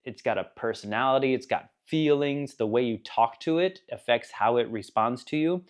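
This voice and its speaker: A man's voice: medium pitch, moderate pace. A man giving a casual spoken book review, rambling and enthusiastic, laughing now and then at the funny parts.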